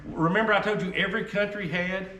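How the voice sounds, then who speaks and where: A man's voice: high-pitched, steady tone, quick pace, sharp tone, slight background noise. A man giving a casual, joking history talk to an audience, wandering off on tangents. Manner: folksy, joking, tangent-prone storyteller. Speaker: historical arms presenter. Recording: echoey room, mic far off, faint ambience.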